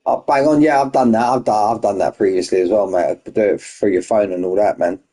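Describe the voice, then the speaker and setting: A man's voice: fairly low pitch, quick pace, mellow. A man hosting an online racing league stream, chatting casually and greeting viewers one by one as mates. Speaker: race league host.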